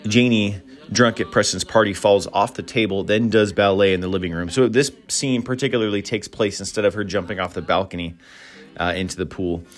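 Casual podcast host, man, lowish voice, chuckles and says "uh" a lot while recapping films, faint music behind. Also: fairly even intonation, a little fast. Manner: chuckling, rambling with frequent "uh" fillers. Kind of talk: casual solo podcast commentary.

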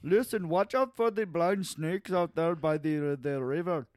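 A man putting on a boisterous older Indian father, shrill, sing-song and cackling. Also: moderate pace, no echo, studio quality, lightly acted. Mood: stern.

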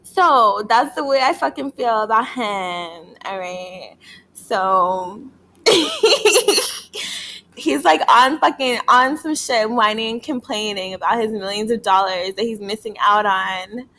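A woman hosting a casual solo podcast, rambling with lots of filler words, swearing and frequent laughter while she is high. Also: lively intonation, slow pace, sharp tone. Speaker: podcast host.

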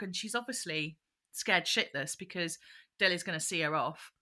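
Bright-voiced woman, chatty recap. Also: medium pitch, a little fast. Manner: animated retelling, bursts into quoted voices. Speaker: podcast co-host. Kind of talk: casual chat recapping a children's show.

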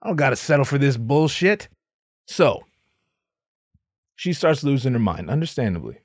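A man's voice: medium pitch, big pitch swings, normal speed, slightly rough, no room sound, studio quality. A man hosting a podcast, retelling a story in a profane, rambling, mock-boastful comedic way. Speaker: podcast host.

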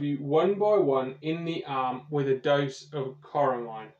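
A man narrates a tabletop game scene slowly and deliberately, pitched a little high. The recording sounds roomy and echoey, with a dull, muffled quality. He runs the session as game master for a comedy podcast. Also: darkish tone.

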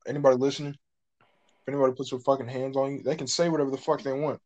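A young man talking loosely and profanely in a casual chat. He rambles through his stories with lots of slang, and his voice sits at an ordinary middle pitch. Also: little pitch movement, racing, a little mellow, slight background noise, poor audio.

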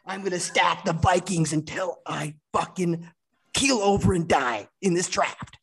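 Casual male co-host, gravelly raspy voice, swears through playful mock-serious trash talk. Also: sits high, a little slow, fairly bright tone. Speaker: podcast co-host. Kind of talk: casual joking banter.

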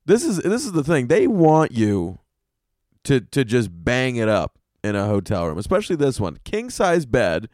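A man hosting a comedy podcast, ranting in an animated, profane way. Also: medium pitch, normal speed, no echo, studio quality. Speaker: podcast host.

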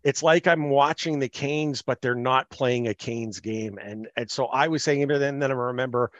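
A man hosting a podcast, chatting about sports in a measured way and thinking aloud with fillers. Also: medium pitch, a bit bright, dry recording. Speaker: podcast host. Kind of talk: casual sports chat. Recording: slightly muffled, dry.

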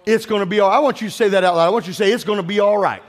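A man's voice: sits high, racing. A man preaching a sermon to his congregation, urging them to call out responses and telling stories from his own life. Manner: exhorting, calls for congregation responses, tells personal stories. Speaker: pastor. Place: church sanctuary with congregation. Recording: long reverb of a large hall.

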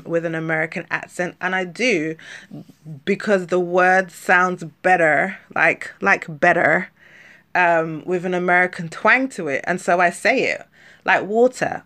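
A London woman hosts a solo podcast, her voice on the low side with a fairly bright tone. She has a London accent and a slight lisp, rambling chattily with plenty of fillers and self-corrections.

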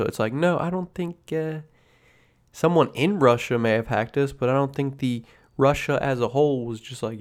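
Man, podcast host, casual rambling, swears a lot, smooth clear voice, mid pitch. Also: moderate pace. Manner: laid-back, swears constantly. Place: at home drinking coffee.

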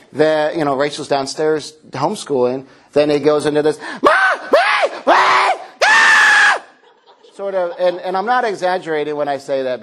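A middle-aged pastor gives a humorous sermon in a church, his voice sitting a touch high for a man. He is playful and now and then acts out a child's shouts. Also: a little hiss or hum.

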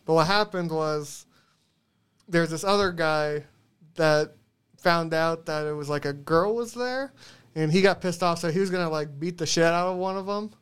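A man's voice: a little high, normal speed, a bit bright, clear, resonant tone. A man on a podcast casually recapping a movie with rambling asides, frequent swearing and laughter. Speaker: podcast co-host.

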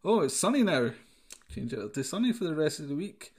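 A man's voice: a little high, sing-song, brisk, darkish tone, slightly rough, heavily acted. Offhand lazy app admin, male, done by a man in his own voice.

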